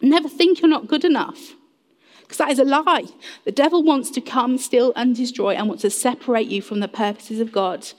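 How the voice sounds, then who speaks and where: Lady preaching a sermon, fairly high voice, echo trailing off in a big hall. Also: normal speed. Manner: earnest, acts out little quoted voices, addresses the congregation directly. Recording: long reverb of a large hall.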